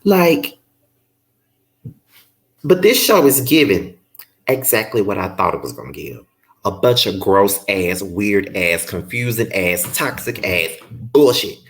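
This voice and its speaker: A man's voice: lowish voice, sing-song, slow, pauses often. A man casually reviewing a reality show, exasperated and profane, often incredulous. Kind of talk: casual commentary vlog.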